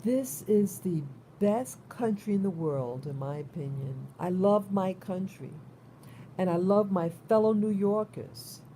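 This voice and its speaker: Mellow-voiced New woman rambling. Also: mid-range voice, unhurried, a little hiss or hum. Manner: rambling, repeats and restarts words, concerned. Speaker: vlogger. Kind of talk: casual spoken monologue.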